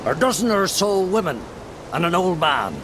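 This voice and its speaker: A man's voice: high voice, sing-song, moderate pace, background noise. An actor voicing a learned old male druid who speaks in a formal, old-fashioned way, with heavy rain in the background. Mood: earnest. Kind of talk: video game dialogue. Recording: game audio with loud rain.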